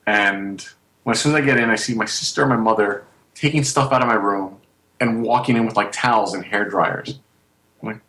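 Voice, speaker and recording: A man's voice: fairly low pitch, fairly bright tone. Guy in his 20s rambling thru a funny story, kinda echoey room. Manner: rambling, laughing asides. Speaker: guest storyteller. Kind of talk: casual storytelling.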